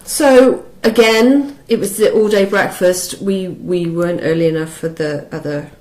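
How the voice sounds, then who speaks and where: A woman's voice: on the low side, moderate pace, darkish tone. A woman, co-hosting a casual food review chat and poking fun at herself. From Britain. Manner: self-mocking, laughs often. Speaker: podcast co-host. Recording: roomy echo.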